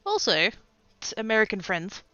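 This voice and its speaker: An Australian woman chatting casually on a livestream while she crafts, rambling and often trailing off into quiet asides. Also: medium pitch, sing-song, normal speed, clear, resonant tone, no room sound, dull audio. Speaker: streamer.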